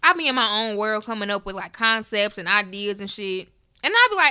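Brash, bright-voiced woman podcaster. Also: mid-range voice, a little fast, smooth. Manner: loud, animated, profane storytelling. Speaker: podcast co-host. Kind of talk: casual podcast chat.

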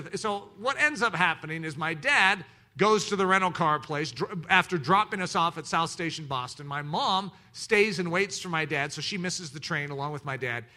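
Bright, animated male preacher telling stories. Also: on the high side. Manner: animated, self-mocking storytelling with sudden loud peaks. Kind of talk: storytelling sermon.

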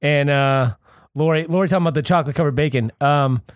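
A man hosting a casual podcast, telling animated stories with plenty of swearing and laughter. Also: on the high side, fast talker, no room sound, studio quality. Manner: animated storyteller, swears freely, laughs often. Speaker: podcast host. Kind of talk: casual chat and storytelling.

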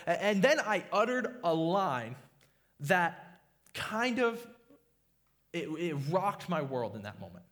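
High-voiced young pastor, earnest sermon. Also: male voice, expressive, fairly quick, a bit bright. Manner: earnest, confessional, frequent stuttered restarts.

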